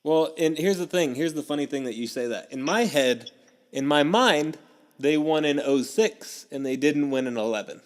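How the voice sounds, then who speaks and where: A man's voice: on the high side, normal speed. A young man hosting a casual sports podcast, telling stories with a lot of energy and acting out his own past reactions. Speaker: podcast host.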